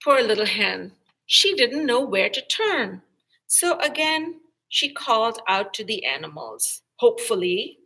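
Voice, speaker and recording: A librarian reads a children's story aloud at an unhurried pace. Her voice is bright and lively, rising and falling through each sentence. She sounds clear and warm-toned toward her young listeners. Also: fairly high pitch, rough recording. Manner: slow, expressive storytelling.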